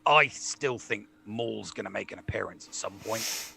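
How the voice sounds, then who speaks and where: A man's voice: lowish voice, moderate pace, vocal fry, pushed and bright. A man chatting casually about a game, hesitant, with many fillers and restarts. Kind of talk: casual chat.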